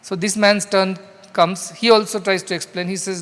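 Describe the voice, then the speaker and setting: A man's voice: high-pitched, little pitch movement, moderate pace, fairly bright tone. A man with an Indian English accent gives a spiritual discourse in a large hall, explaining scripture loosely and conversationally through a story. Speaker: spiritual speaker. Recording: long hall reverb.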